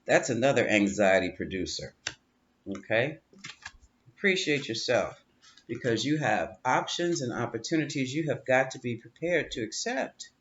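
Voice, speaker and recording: A man's voice: medium pitch, expressive, normal speed, a bit bright, a little hiss or hum. A man reading tarot cards, talking in a chatty, coaching way, often repeating words and breaking into laughter. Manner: coaching, reassuring tone. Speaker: tarot reader. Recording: dull lo-fi audio with faint room ambience.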